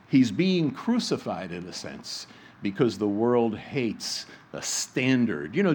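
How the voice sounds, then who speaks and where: Animated male preacher with lively pitch. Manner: expressive preaching, drops low and soft for quoted words, rises for emphasis. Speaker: pastor. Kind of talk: sermon.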